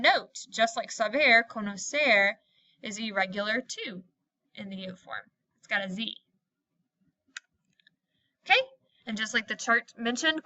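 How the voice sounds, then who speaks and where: A woman's voice: medium pitch, pushed and bright, dry recording. A woman teaching a recorded Spanish lesson, explaining step by step and checking in with her students.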